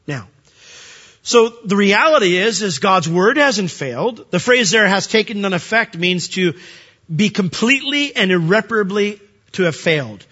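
A man's voice: sits high, fairly bright tone, dull audio. A man preaching a verse-by-verse sermon in a conversational way, asking his listeners questions as he explains the text. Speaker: pastor.

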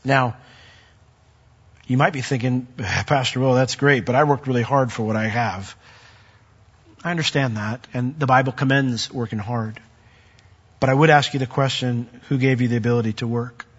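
A man preaching a sermon as pastor, chatting with the congregation in asides and building to loud, emphatic peaks when he reads scripture. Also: medium pitch, steady tone, normal speed, pauses often, husky, big-room sound, dull audio.

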